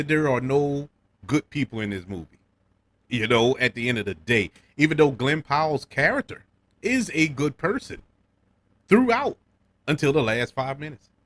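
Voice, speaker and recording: A man from New Orleans with a local accent, giving a casual film review on his podcast, chuckling and stumbling over repeated words. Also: medium pitch. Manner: animated, repeats words when restarting, chuckles often.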